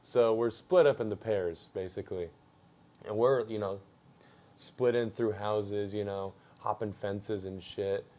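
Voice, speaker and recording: A man's voice: on the low side, steady tone, unhurried, dark tone. Laid-back young man telling a story. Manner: loose, slangy storytelling with fillers and laughs. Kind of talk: casual storytelling.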